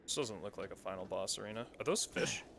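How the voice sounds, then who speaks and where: A man's voice: lowish voice, lively intonation, fast talker, creaky, background noise. Profane, sarcastic male game streamer. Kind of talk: casual gameplay commentary.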